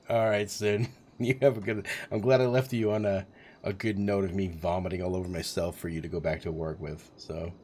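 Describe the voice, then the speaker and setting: A man's voice: sits low, steady tone, moderate pace, a little mellow, a little hiss or hum. A man in his forties telling a rambling, profane story on a live stream, chuckling as he goes. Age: 40s.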